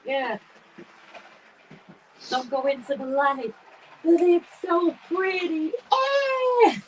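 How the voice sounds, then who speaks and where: A woman co-hosting a casual livestream from a garden shed, talking excitedly and laughing often. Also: very high-pitched, drawn-out words. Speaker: livestream co-host. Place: garden shed with model railway. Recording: slightly distant mic with faint room noise.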